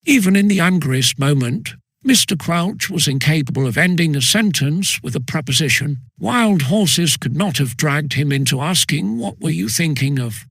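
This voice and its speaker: Male audiobook reader, husky timbre, dry close recording. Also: a little high, animated, moderate pace, fairly bright tone, dry recording. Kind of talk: scripted storybook narration.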